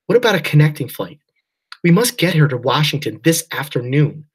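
A man's voice: medium pitch, animated, a little slow, a bit bright, husky, pitched above the performer's own voice. A man voicing a desperate, angry middle-aged father, pressing urgently. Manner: urgent, pleading.

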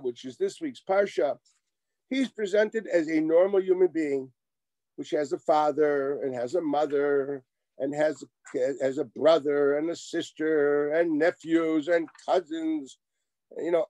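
A middle-aged man giving a Torah lecture as a rabbi, animated, with wry asides and acted-out exchanges. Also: on the high side, measured pace, dry recording.

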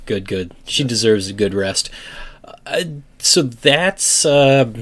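A man's voice: mid-range voice, expressive, slow pace, a bit bright. A man co-hosting a casual gaming podcast, wry and dry as he steers between segments. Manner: dry, wry, moves the show along. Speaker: podcast co-host.

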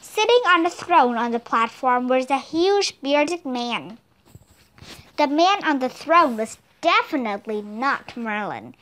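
Expressive high-voiced woman reading a story. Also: unhurried. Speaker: reader. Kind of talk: audiobook narration.

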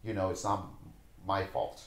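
A man's voice: sits low, level tone, unhurried, slight background noise. Passionate storytelling man in a roomy space. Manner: passionate, acts out voices in his stories. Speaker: podcast guest, dancer and teacher. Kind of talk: animated storytelling in conversation.

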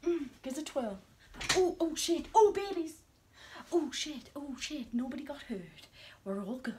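A woman chatting on a casual vlog, excitable and cheeky, swinging between gushing and hushed asides. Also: high voice, a little slow, slight background noise. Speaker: vlogger.

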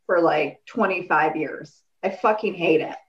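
A woman's voice: lowish voice, measured pace, highs cut off. Blunt, profane woman in her thirties. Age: 30s. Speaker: podcast co-host. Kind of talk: casual chat.

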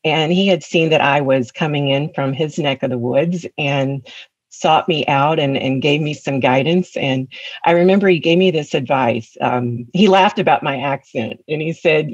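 A woman's voice: sits low, unhurried, slightly rough, no echo, highs cut off. A woman in her fifties from West Tennessee with a Southern accent, telling her life story in an interview and laughing often. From West Tennessee, USA. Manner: frequent laughter, animated storytelling. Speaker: guest.

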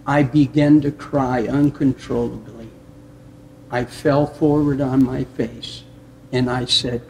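Male pastor from the US Upper Midwest; reflective, unhurried testimony with soft chuckles. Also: mid-range voice, steady tone, a little hiss or hum. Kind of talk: personal testimony in conversation.

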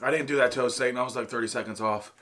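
A man's voice: mid-range voice, steady tone, rapid-fire, fairly bright tone, slight background noise. A man with an Ohio accent chatting casually on a food challenge vlog while gasping and groaning through burning heat. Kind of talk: casual chat.

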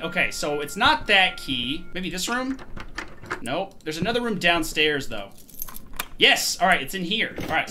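A gaming host giving let's play commentary on a horror game, talking to the objects on screen and swearing and yelping at the scares. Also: medium pitch. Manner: excitable, swears and shouts at scares.

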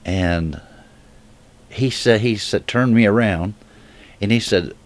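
A man giving an emotional personal religious testimony straight to viewers. He speaks earnestly and haltingly, often restarting his sentences. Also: lowish voice. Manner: earnest direct appeal to viewers. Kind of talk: heartfelt personal testimony to camera.

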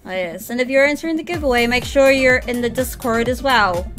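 A woman's voice: a little high, fairly quick, a bit bright, soft background music. Giggly New woman streaming a game. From New Zealand. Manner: giggly, chatty with viewers, reads game lines in a playful voice. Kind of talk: live game stream, reading dialogue aloud.

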